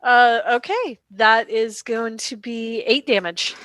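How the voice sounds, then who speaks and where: A woman playing a tabletop game, excitable and cheering her rolls. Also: on the high side, slow pace. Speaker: player.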